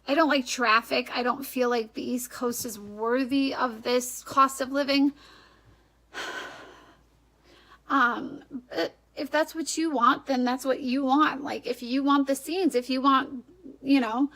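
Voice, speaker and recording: Young woman, Upper Midwest American accent, high voice, gravelly fry, rambling casual vlog talk. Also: fairly bright tone, low-quality recording. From Wisconsin, USA. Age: young adult. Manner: rambling, laughs often, self-correcting. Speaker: vlogger.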